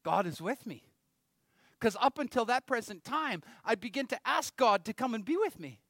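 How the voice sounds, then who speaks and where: Middle-aged male pastor, strikingly high pitch, conversational sermon delivery, dry close sound. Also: animated, a little fast, sharp tone, no room sound. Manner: conversational preaching, rhetorical questions to the audience.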